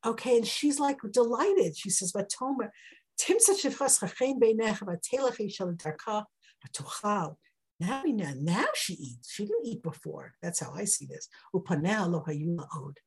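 Husky-voiced woman teacher, lively, acts out the quoted lines in a text lesson. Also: poor audio. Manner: animated, acts out the dialogue with big jumps in pitch. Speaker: Torah teacher.

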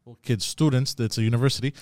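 A man's voice: medium pitch, fairly even intonation, quick pace, darkish tone, dry recording, studio quality. A man hesitantly relaying a news story in casual podcast chat, stumbling over words.

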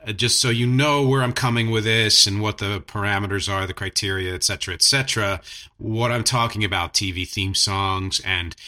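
Bright-voiced joking podcast host, a man. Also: lowish voice, fairly even intonation, moderate pace. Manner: joking, self-deprecating. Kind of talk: casual chat.

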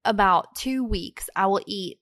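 A woman's voice: mid-range voice, a little slow, a bit bright, no room sound. Playful woman podcast co-host, dry sound. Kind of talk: casual chat.

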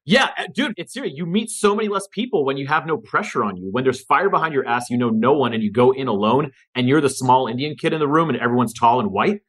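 A man talking as a guest in a casual podcast conversation, energetic, casual and profane. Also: medium pitch, quick pace, few pauses.

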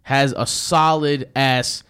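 A man's voice: mid-range voice, fairly even intonation, slow pace, a bit bright, smooth. Rambling man in a casual sports chat. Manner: rambling, stumbles and repeats himself. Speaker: podcast co-host.

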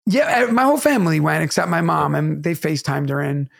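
A man's voice: fairly high pitch, quick pace, creaky. A man from New York City, a stand-up comedian, telling stories in a casual podcast chat and laughing often. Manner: animated storyteller, laughs often.

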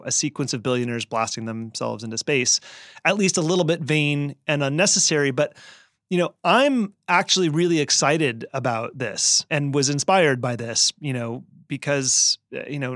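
Man, podcast host, medium pitch, thoughtful, hedging, dry sound. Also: a bit bright, no echo. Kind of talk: casual political chat.

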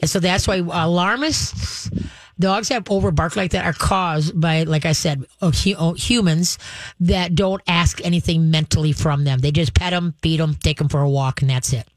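A dog trainer hosting a call-in radio show, talking in a chatty, loose way with plenty of fillers and restarts. The voice sits at a middle pitch. The sound is close and dry. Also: normal speed, no room sound, low-quality recording. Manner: lively, acts out owner and dog voices.

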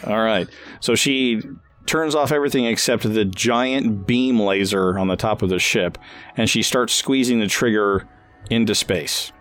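A man narrating as game master of a tabletop role-playing game, talking haltingly with many fillers and restarts. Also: lowish voice, a bit bright.

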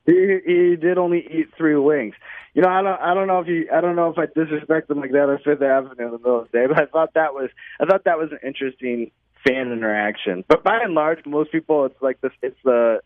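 A man's voice: a little high, dry recording. A man telling stories in a casual interview chat, rambling with lots of likes and you-knows. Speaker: podcast guest, show host. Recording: dry, phone-like audio.

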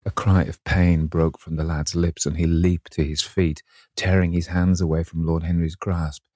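Male narrator, classic novel audiobook, deep voice, dark tone, dry close recording. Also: little pitch movement, moderate pace, dry recording.

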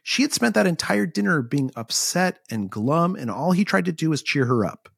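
A middle-aged man spins an anecdote with lots of rise and fall in his voice, voicing the people he quotes and scattering fillers through his sentences. His tone is a little husky, and the recording is close and dry. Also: on the high side, moderate pace, no room sound. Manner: lively anecdotal storyteller, acts out quotes, many "like" fillers. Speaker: author guest. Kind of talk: animated storytelling in a podcast interview.

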